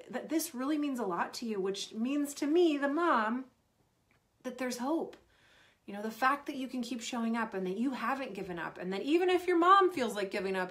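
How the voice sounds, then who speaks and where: A woman performance coach in her thirties giving earnest advice to sports parents, often acting out what a parent might say. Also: medium pitch. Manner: earnest, animated, acts out parent lines. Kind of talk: Q&A advice talk.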